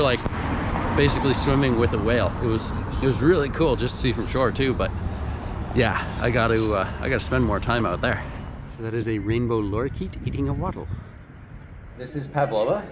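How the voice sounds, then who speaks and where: An easygoing man narrating his travels outdoors into a handheld camera, chatty and quick to laugh. His voice sits at a plain middle pitch for a man. A faint hiss of open air runs underneath. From Canada. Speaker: outdoor vlogger. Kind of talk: casual travel vlog narration.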